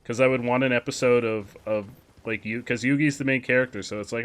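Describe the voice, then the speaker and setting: Young guy, low register, streamer commentary, rambling and casual, jumps up when the action hits. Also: fast. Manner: chatty, with sudden excited outbursts.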